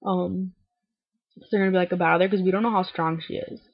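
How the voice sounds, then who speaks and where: A young woman talks through an episode recap in loose, chatty bursts, full of "like"s and swears, a little low on energy as if unwell. Her voice is gravelly and husky. It sounds dull and lo-fi, close and dry on a webcam mic. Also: fairly even intonation, fast talker, no room sound. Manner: talkative, many "like"s, swears freely, acts out lines in quotes.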